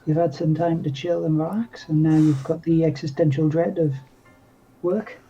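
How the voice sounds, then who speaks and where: A man's voice: on the high side, fairly even intonation, normal speed, vocal fry, warm tone, highs cut off, faint music behind. A man co-hosting a casual painting stream, laid-back, with jokey asides. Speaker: stream co-host. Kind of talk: casual chat.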